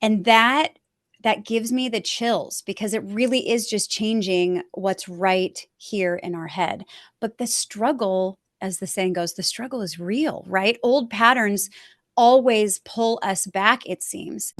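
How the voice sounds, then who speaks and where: Woman podcast host, mid pitch, enthusiastic, dry studio sound, faint music behind. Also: slow, no room sound. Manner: enthusiastic, affirming. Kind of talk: interview hosting with scripted promos.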